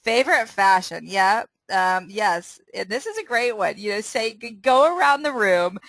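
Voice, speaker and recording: A woman's voice: mid-range voice, animated, normal speed, fairly bright tone, dry recording, low-quality recording. A woman hosting a casual sales training call, upbeat and laughing often, running a quiz and restarting her sentences.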